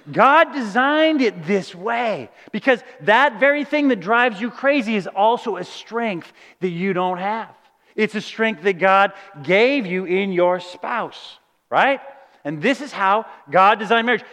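A man preaching a sermon, lively and conversational, often asking "right?" and acting out quoted voices. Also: sits high. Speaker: pastor. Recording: reverberant hall.

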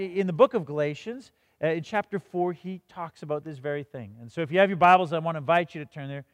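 A man's voice: high voice, dry recording, big-room sound. A man preaching a sermon, telling a story and reading scripture, often restarting and repeating words. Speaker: pastor.

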